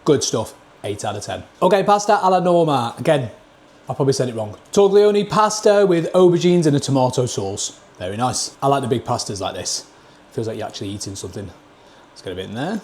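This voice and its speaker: A man's voice: mid-range voice, expressive, fairly quick, darkish tone. A man with a Northern English accent doing a casual food review vlog, blunt and plain-spoken, tasting dishes at a table into a camera mic. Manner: blunt, plain-spoken, scores each dish out of ten.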